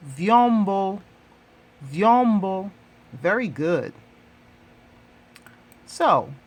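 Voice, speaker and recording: A man hosting and teaching a language lesson, repeating each word three times in a deliberate way. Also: a little high, pushed and bright. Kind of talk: slow, repetitive language lesson.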